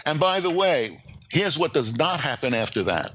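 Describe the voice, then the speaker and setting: An older man, a screenwriting teacher and podcast guest, telling stories in a lively way with plenty of fillers and restarts. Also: medium pitch, fairly quick, no echo, low-quality recording. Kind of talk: casual interview, storytelling.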